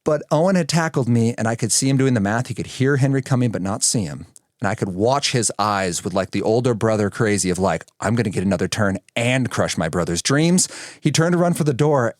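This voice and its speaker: A man in his thirties, a podcast guest telling stories in a lively conversational way and acting out the voices he quotes. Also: medium pitch, dry recording, clean studio sound. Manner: animated, acts out quoted voices. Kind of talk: conversational storytelling.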